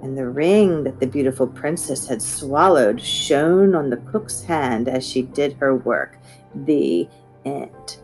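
A woman reading a children's book aloud with expressive storytelling. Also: a bass voice, measured pace, few pauses, faint music behind, low-quality recording. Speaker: reader.

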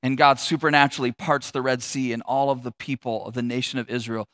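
A man preaching a sermon as a pastor, building through repeated phrases and then dropping soft and low. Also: flat delivery, quick pace, no room sound.

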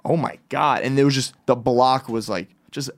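A man in casual chat, lively and reactive, recounting a late-night walk home. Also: mid-range voice, normal speed. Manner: lively, reactive, swearing freely.

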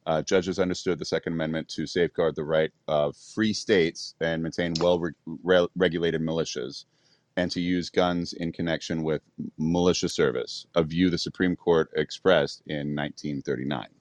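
A man co-hosting a casual podcast, reading history notes aloud in a halting way. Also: rumbling low, fairly even intonation, darkish tone, no room sound. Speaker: podcast co-host.

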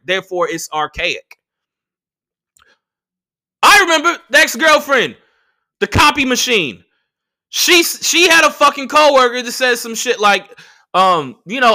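Animated, bright-voiced man ranting. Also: sits high. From United States. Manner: animated, profane, acts out quoted people. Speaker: podcast host and comedian. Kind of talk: casual storytelling rant.

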